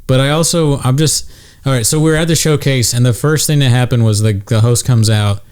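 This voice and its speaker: A man's voice: mid-range voice, brisk, a little mellow, clean tone. Crude storytelling man on a podcast. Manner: crude, storytelling, acts out voices. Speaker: podcast host. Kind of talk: casual chat.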